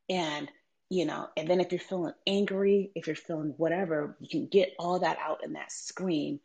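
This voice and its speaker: A woman's voice: lowish voice, steady tone, moderate pace, creaky, a little mellow. A mother telling a personal story about raising her son, in a reflective, conversational way with frequent ums. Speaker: mother sharing parenting story.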